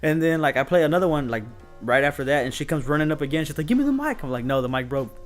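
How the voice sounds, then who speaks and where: A man guesting on an interview, telling DJ stories in relaxed, slangy casual chat with frequent laughs. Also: a little high, racing, faint music behind. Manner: laid-back storytelling, says "dude" and "bro" a lot, laughs often.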